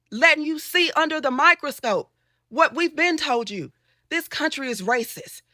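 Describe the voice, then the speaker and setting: A woman's voice: sits high, sharp tone, no echo, studio quality. A woman commentator speaking in a fiery, incredulous way.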